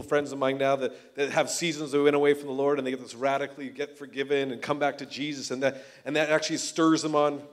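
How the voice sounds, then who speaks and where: High-voiced man preaching a lively sermon. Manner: energetic, conversational preaching with acted-out quotes. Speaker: pastor.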